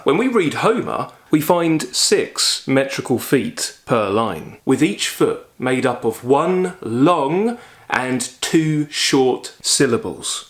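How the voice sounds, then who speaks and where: A man giving a measured literature lecture, slowing down to savor lines of verse. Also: medium pitch, a bit bright. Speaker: literature teacher. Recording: roomy echo.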